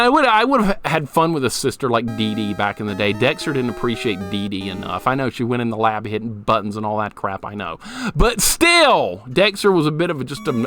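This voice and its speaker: Chatty gamer guy with a lively voice. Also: mid-range voice. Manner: chatty, animated, laughs easily, swears casually. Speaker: streamer. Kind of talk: casual gameplay commentary, chatting with viewers. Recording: game music playing loudly beneath the voice. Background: retro game music.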